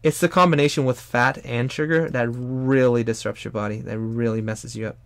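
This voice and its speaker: A young adult man chatting casually while he draws on a live stream, rambling and animated, sometimes bursting into loud high put-on exclamations. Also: brisk. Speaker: streamer and artist.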